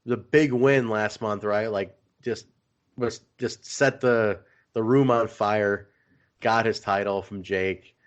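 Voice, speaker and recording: A man's voice: fairly low pitch, slow. A man co-hosting a wrestling podcast in casual chat, telling stories animatedly and laughing as he goes. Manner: animated storyteller, laughs while retelling. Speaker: podcast co-host. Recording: slightly dull lo-fi sound.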